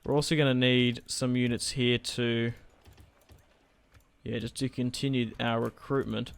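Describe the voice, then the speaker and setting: A man talks through a strategy battle as he plays, casual and unscripted. His voice is smooth and resonant at a mid pitch, and he thinks out loud and curses when the fight turns against him. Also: flat delivery, a little slow. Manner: casual, thinking aloud, swears when frustrated. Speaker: gaming channel host. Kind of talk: live strategy game commentary.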